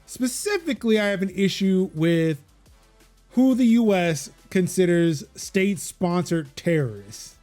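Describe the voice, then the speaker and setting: Man, podcast host, casual tech talk, slightly high voice, lots of ums and restarts, faint music underneath. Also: expressive, a little slow, a little mellow. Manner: rambling, many fillers and restarts.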